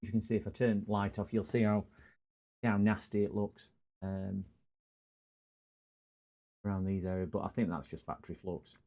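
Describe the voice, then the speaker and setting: A man's voice: lowish voice, flat delivery, normal speed, pauses often, mellow. A man with a broad Scottish accent chatting casually on a live stream while repairing computers, greeting viewers and rambling through stories. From Scotland.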